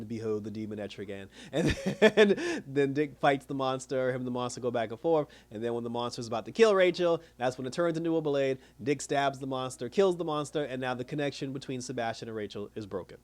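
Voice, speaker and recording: Laughing man recapping a TV episode. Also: medium pitch. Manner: laughs often while retelling, animated. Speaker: TV show reviewer. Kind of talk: casual recap review.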